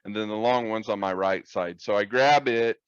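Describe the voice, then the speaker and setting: A man co-hosting a podcast, telling a long, profane story in a casual, animated way and acting out the people in it. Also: lowish voice, moderate pace, smooth, no room sound, dull audio. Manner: profane, animated, acts out quoted voices. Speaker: podcast co-host.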